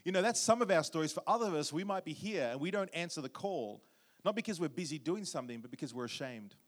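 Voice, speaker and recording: A man preaching a sermon, warm storytelling with jokes and questions to the congregation. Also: fairly high pitch, lively intonation, fast. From Australia. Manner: humorous, audience-engaging storytelling. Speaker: guest preacher.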